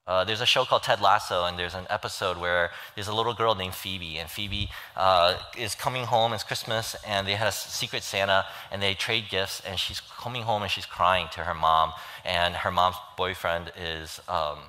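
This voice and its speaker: Male preacher, lowish voice with a bright edge, earnest and pleading, acts out story voices; long hall reverb. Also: steady tone, moderate pace, few pauses. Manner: earnest, pleading, retells stories acting out the voices. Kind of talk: sermon.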